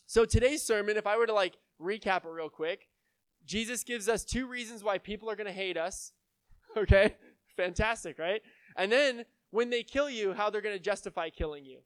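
A man's voice: high-pitched, normal speed, smooth, dry recording. A young adult man preaching a sermon from the United States in a casual, conversational way, often checking in with his listeners. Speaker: pastor.

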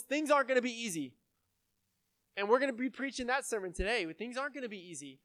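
A young man delivering a sermon in a loose, conversational way, often checking in with "right?" and "okay?". His voice sits high for a man. The sound is close and dry, with little room around it. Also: fairly bright tone, no room sound. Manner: casual, conversational preaching with frequent "right?" and "like". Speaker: pastor.

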